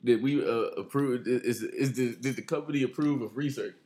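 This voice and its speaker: A man's voice: medium pitch, moderate pace, a little mellow, a little hiss or hum. A man hosting a podcast in casual chat, joking around, rambling and laughing often. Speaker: podcast host.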